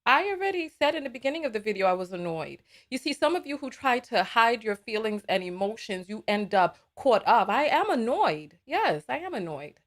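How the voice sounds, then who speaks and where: A woman's voice: on the high side, animated, a little fast, few pauses, a bit bright. Exasperated woman hosting a live stream. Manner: exasperated, blunt, repeats words. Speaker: livestream host. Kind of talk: live reaction stream, reading comments.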